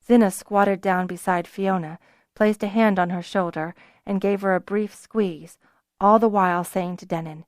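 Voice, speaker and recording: A woman narrating a fantasy audiobook in even, clear storytelling. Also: medium pitch, moderate pace, no echo, clean studio sound. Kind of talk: scripted narration.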